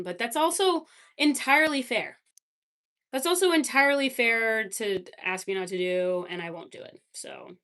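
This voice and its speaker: A woman's voice: medium pitch, a bit bright. A woman livestreamer in casual chat, reacting to chat messages with lots of fillers.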